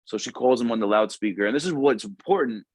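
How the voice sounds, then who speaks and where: A young man at a middling pitch tells a recruiting story in a dry, close recording. His talk is slangy and loose, full of swearing. He jumps into the voices of the people he quotes. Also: fast, no room sound. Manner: animated, profane, slangy, acts out quoted voices. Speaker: Marine recruiter. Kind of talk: casual podcast storytelling.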